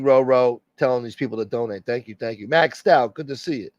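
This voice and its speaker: A man's voice: mid-range voice, a little fast, few pauses, darkish tone, dry recording, lo-fi sound. A man hosting a casual live stream, joking and swearing as he greets viewers by name and asks for support. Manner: profane, joking, reading out viewer names. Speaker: livestream host.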